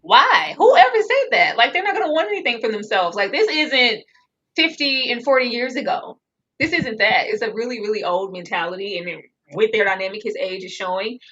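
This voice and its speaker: A woman co-hosting a reality show breakdown, ranting with animated disbelief in casual chat. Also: fairly high pitch, a little fast, breathy edge, muffled recording. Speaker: co-host reviewing a reality show.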